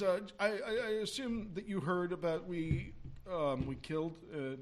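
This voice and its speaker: A man's voice: high-pitched, lively intonation, slow, long pauses. A man cohosting a comedy movie podcast, joining in the improvised role-play with mock-dramatic lines and frequent laughter.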